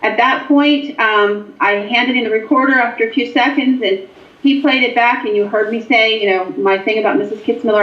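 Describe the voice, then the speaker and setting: A woman from Pennsylvania, a paranormal investigator, telling stories as an interview guest in an animated way with frequent ums. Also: fairly high pitch, moderate pace. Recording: echoey, dull lo-fi sound.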